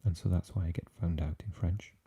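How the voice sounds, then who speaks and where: A Welsh man hosting a whispered ASMR live chat, talking softly and haltingly with lots of fillers as he answers viewers. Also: sits low, fairly even intonation, slight background noise. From Wales. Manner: soft and halting, with many fillers, chatting with viewers. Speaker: ASMR livestream host.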